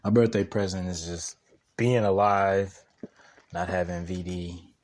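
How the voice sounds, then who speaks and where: A man's voice: low-pitched, steady tone, a little slow, a little mellow. A young man telling stories on a podcast in a casual, slangy way, laughing often and rambling with restarts. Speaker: podcast co-host. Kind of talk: casual storytelling chat.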